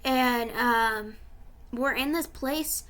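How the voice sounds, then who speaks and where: A woman's voice: a little high, very slow, a bit bright. A young woman vlogger telling about a dream in a casual, rambling way, full of fillers, tearful and emotional.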